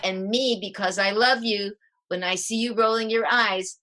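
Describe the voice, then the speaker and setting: A middle-aged woman, a parenting coach, explaining calming techniques as a podcast guest in a lively way and acting out the steps. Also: medium pitch, normal speed. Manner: lively, demonstrating exercises as she explains.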